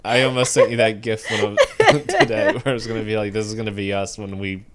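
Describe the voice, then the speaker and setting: A man co-hosts a relaxed film chat on a podcast. He laughs often and acts out lines from the movie in a raised, excited voice. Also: quick pace. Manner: laughs a lot, acts out quotes in a higher voice. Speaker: podcast co-host. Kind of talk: casual film discussion.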